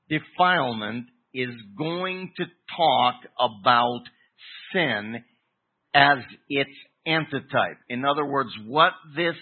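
A man preaching an expository sermon, teaching deliberately with emphatic pauses. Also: medium pitch, breathy edge. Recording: tinny phone-like recording.

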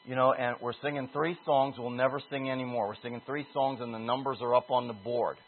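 Husky preacher on a tinny line. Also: male voice, medium pitch, fairly quick. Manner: animated storytelling, shouting out quoted calls. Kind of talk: sermon with personal story.

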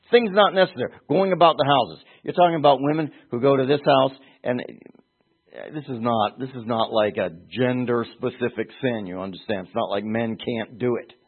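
A man's voice: mid-range voice, husky. A man preaching a Bible-teaching sermon in a conversational, emphatic way, asking rhetorical questions. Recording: tinny phone-like sound.

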